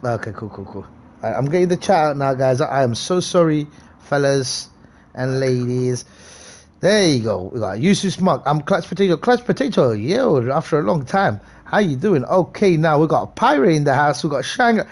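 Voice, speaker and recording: A young man live-streaming a game, chatting casually and hyping up viewers by name in quick, slangy bursts. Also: fairly high pitch, expressive.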